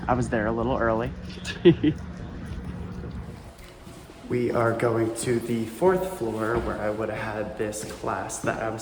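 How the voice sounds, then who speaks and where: A man's voice: mid-range voice, background noise. A man in his twenties hosting a casual gaming vlog, chatty and nostalgic as he looks around his old campus. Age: 20s. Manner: nostalgic, laid-back and chatty. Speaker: gaming vlogger host. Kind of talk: casual walking vlog narration.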